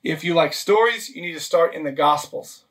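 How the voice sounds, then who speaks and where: A man's voice: fairly high pitch, moderate pace, a bit bright. Man preaching from a distance off the mic. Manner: practical, list-driven teaching with frequent "okay?" and "right?" check-ins. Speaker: pastor. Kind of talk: sermon.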